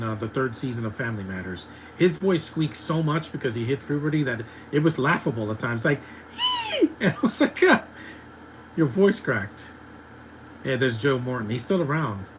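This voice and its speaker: A man's voice: medium pitch, a little hiss or hum, poor audio. A man in his thirties giving opinionated, ranting live commentary while watching a movie, laughing often. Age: 30s.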